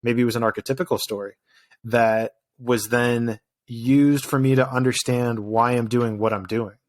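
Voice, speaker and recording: A man's voice: medium pitch, fairly even intonation, moderate pace, no echo, studio quality. A man hosting a podcast, thinking aloud in a reflective, conversational way. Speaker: podcast host.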